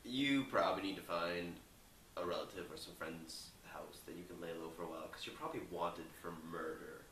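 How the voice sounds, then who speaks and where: A man's voice: sits low, normal speed, a bit bright, echoey room, far from the mic, a little hiss or hum, poor audio. A young man loosely retelling a movie plot, rambling with lots of filler words. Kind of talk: rambling casual movie recap.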